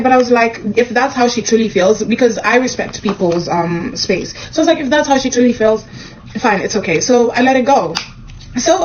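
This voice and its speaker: A young woman from Kenya, a comedian, telling a personal story to camera in a casual, animated way, acting out the dialogue. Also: muffled recording, a little hiss or hum. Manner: animated, acts out the dialogue with quick pitch jumps.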